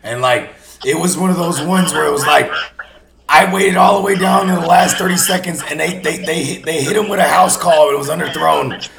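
A man hosting a casual sports podcast, animated and slangy, swearing freely and talking himself into little comic bits. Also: a little high, a little fast, vocal fry, roomy sound, noisy background. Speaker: podcast host.

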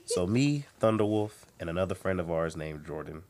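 Over slight background noise, a young comedian appearing as a guest tells a story at a moderate pace in a voice that sits low. He keeps the casual chat animated by acting out the quoted voices of the people involved.

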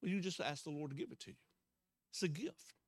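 Man, pastor, fervent sermon, out of breath, higher voice, dry close sound. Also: quick pace, no echo. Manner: emphatic, swings between loud declarations and soft asides.

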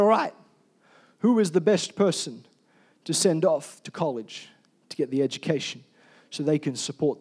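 A male pastor preaching a sermon, swinging from loud emphatic calls to soft, quiet storytelling. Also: sits high.

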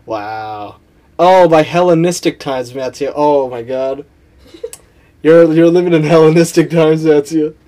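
A young man chatting casually on a podcast, teasing his co-host and laughing as he goes. His voice sits a little high yet sounds mellow and warm. He trips over words when reading aloud. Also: unhurried. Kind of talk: casual chat.

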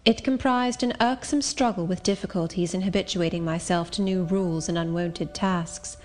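A woman narrating an audiobook in a clear, measured, literary manner. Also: lowish voice, fairly even intonation, a little mellow. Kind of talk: scripted narration.

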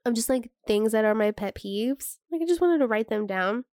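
A woman's voice: on the high side, animated, normal speed, darkish tone, no echo, studio quality. A young woman co-hosting a podcast, talking casually, laughing often and swearing now and then. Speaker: podcast co-host. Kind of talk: casual chat.

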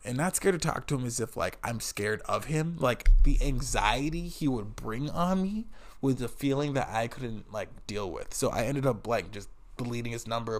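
A man telling a story about his old job in a casual vlog, swearing and sounding exasperated as he tells it. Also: medium pitch. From United States. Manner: profane, animated, exasperated. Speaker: vlogger.

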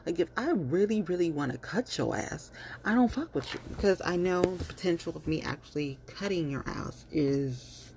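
A woman's voice: fairly low pitch, animated, moderate pace, a little mellow, a little hiss or hum. A woman ranting bluntly and heatedly in casual commentary, cursing freely and repeating herself with lots of fillers. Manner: fillers and repetitions. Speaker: vlogger.

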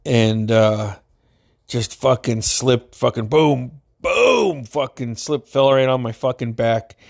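A man's voice: medium pitch, lively intonation, takes it slowly, gravelly, darkish tone. A man from Alaska telling funny stories in a casual way, swearing constantly and laughing often. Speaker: storyteller. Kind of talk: casual storytelling.

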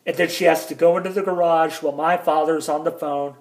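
A man's voice: a little high, fairly even intonation, fairly quick. A man angrily retelling a family fight as a vlogger, swearing heavily. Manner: angry, heavily profane retelling. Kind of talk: personal storytelling.

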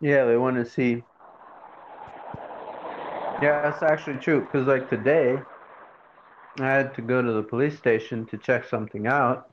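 Slow, laid-back man in casual chat. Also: mid-range voice, fairly even intonation. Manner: laid-back, drawn-out speech with many fillers. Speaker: friend on a call. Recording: dull lo-fi sound with faint noise.

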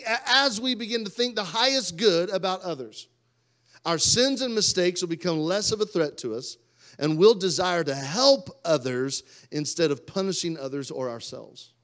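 A man, preaching a sermon and swinging from loud outbursts to quiet asides. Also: high voice. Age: 30s. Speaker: pastor.

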